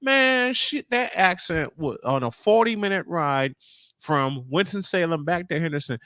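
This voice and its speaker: A man from Chicago hosting a casual podcast chat and telling animated stories. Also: on the high side, measured pace, no echo. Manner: animated storyteller. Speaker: show host.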